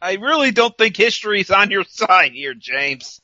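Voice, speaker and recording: Sarcastic podcast guy, high bright voice, dull lo-fi sound, laughing at the wrestlers. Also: very animated, normal speed, no echo. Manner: sarcastic, recounts the show in mock quotes, laughs often. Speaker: podcast co-host. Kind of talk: casual wrestling recap chat.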